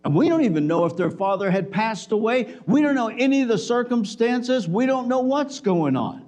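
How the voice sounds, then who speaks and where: High-voiced man preaching a sermon. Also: sing-song, normal speed, a little mellow. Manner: conversational preaching with acted-out dialogue. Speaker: pastor. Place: church.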